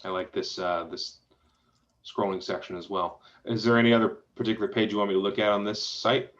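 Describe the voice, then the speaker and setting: A man with a fairly low voice walks through a website and gives friendly, easygoing suggestions as he thinks aloud. The sound is dull and lo-fi, as from a video call. His tone stays relaxed and encouraging. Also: a little fast. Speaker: web design reviewer. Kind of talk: casual spoken feedback while reviewing a website.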